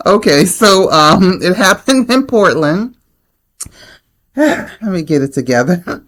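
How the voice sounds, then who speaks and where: A woman's voice: fairly low pitch, expressive, slow, fairly bright tone. A woman hosting her own channel, giving blunt, opinionated commentary on the news in a casual way. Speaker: channel host.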